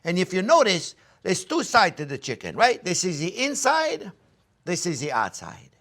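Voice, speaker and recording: A man's voice: sits high, huge pitch swings, normal speed, a bit bright. An older man hosting a cooking demonstration, enthusiastic and coaxing, talking straight to viewers as his friends. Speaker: chef and cooking show host.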